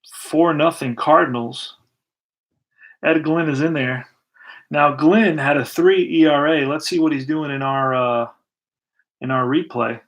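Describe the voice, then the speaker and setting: Gravelly man calling a tabletop baseball replay. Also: a little high, measured pace, long pauses. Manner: relaxed, thinks aloud while rolling dice and pulling cards. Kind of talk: casual play-by-play of a dice game.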